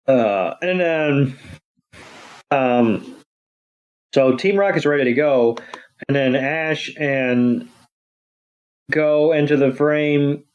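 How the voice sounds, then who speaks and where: A man co-hosting a podcast, chiming in with laid-back, measured comments on the episode. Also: fairly high pitch, darkish tone, dull audio. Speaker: podcast co-host. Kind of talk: casual episode recap.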